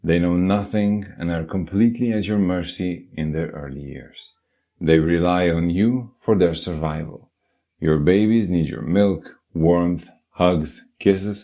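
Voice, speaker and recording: A man's voice: low voice, measured pace, mellow. A man giving a scripted, earnest self-help narration and speaking directly to the listener.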